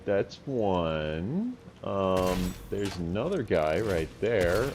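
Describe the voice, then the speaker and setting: A man's voice: low-pitched, big pitch swings, drawn-out words, background noise. A man giving chatty let's-play commentary, talking the viewer through a game and teasing the enemies aloud. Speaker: gameplay commentator.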